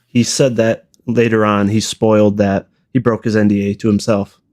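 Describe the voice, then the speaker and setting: A man's voice: fairly low pitch, flat delivery, normal speed, crowd noise. A man in an online debate who argues his point in a dry way and keeps repeating his question. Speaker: debater criticizing the trailer.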